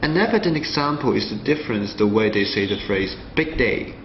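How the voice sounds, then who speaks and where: A male student presenter reading a scripted analysis in a measured way. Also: fairly low pitch, sing-song, a little hiss or hum. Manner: reads a prepared analysis in a measured way. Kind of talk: scripted narration. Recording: roomy, slightly dull sound with faint ambience.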